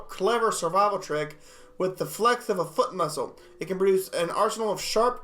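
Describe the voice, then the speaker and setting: A man reacting to animal clips in a jokey, excitable way, reading facts aloud, often laughing and stumbling over words. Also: high-pitched. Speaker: video reactor.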